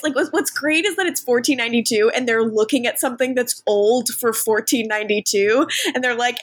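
A woman co-hosting a podcast, casually recapping a TV episode, swearing freely, laughing often and quoting the characters in a lowered voice. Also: moderate pace. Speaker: podcast co-host.

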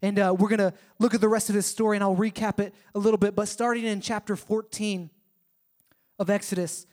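Animated high-voiced young preacher. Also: male voice, a little fast. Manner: conversational, animated storytelling with acted quotes. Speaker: pastor. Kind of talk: sermon.

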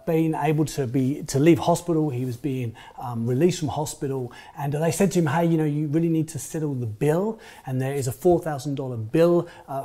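A man preaching a relaxed, conversational sermon, often adding "you know" as he talks. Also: fairly high pitch. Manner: chatty, frequent "you know" fillers. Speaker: pastor.

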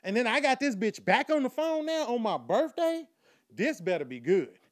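Young guy with a high voice doing a dirty comedy story, gets loud then drops low, cracks himself up. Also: moderate pace. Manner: animated, swings between loud outbursts and low asides, laughs at his own jokes. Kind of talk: profane comic storytelling monologue.

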